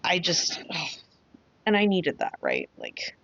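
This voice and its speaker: A woman's voice: lowish voice, huge pitch swings, slow, creaky, fairly bright tone, no echo. Craft vlogger lady rambling on, lots of likes and rights, kinda dull dry mic. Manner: chatty, rambling storyteller with many fillers. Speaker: craft channel host. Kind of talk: casual chat while crafting.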